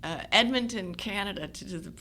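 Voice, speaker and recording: Woman in her 60s, bright voice, chatty actress spinning anecdotes, faint hiss behind. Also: mid-range voice, fairly quick. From United States. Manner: animated storyteller, laughs often. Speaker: actress guest. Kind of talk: casual conversation.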